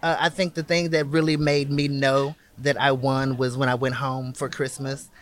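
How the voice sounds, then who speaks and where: A man's voice: medium pitch, little pitch movement, moderate pace. A man speaking as a drag performer in an interview, exuberant and sassy, calling people honey and baby. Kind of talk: animated interview answers.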